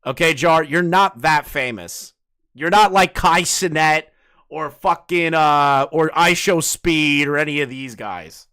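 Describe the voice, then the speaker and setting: Blunt, foul-mouthed young man, bright voice. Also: a little high, a little slow, smooth. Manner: blunt, profane, rambling. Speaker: streamer host. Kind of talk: casual chat on a call.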